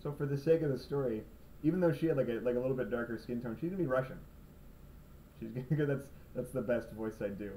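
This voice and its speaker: A man's voice: mid-range voice, fast, warm tone. A young man telling comic stories in his own video blog, rambling and sarcastic, self-mocking, filmed in his room at night. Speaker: video blogger. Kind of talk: comedic monologue vlog. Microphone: cheap camera's built-in mic. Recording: slightly distant camera mic, faint room noise.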